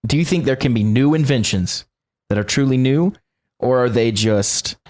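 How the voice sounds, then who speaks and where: A man's voice: mid-range voice, normal speed, darkish tone. Blunt, foul-mouthed man from South Carolina. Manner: blunt, swears freely, jokey. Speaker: podcast co-host. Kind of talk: casual chat.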